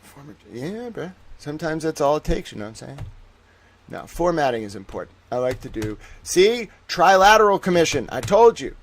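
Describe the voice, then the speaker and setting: A man streaming live, reading profiles aloud and ranting with excitable, profane mock outrage. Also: on the high side, normal speed. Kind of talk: live-stream commentary while reading online.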